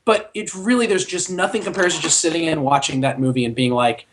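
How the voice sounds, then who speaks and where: A man's voice: fairly high pitch, a little fast, slight background noise. A man co-hosting a movie podcast in casual chat, rambling and thoughtful, often stopping to search for words. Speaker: podcast co-host.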